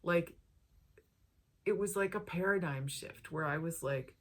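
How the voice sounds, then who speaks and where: A woman's voice: low voice, moderate pace, slightly rough. A woman vlogger sharing a personal health testimony in an earnest, heartfelt way, drawing out her phrases.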